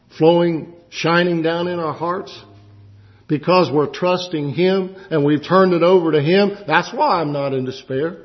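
A male preacher delivers a sermon, his voice pitched a little high. He swings from quiet counsel to impassioned, emphatic peaks. The recording sounds dull and muffled.

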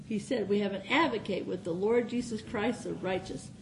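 A woman's voice: mid-range voice, normal speed, a little hiss or hum, low-quality recording. An older woman giving an informal, folksy sermon in a small chapel, often laughing as she speaks. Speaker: preacher.

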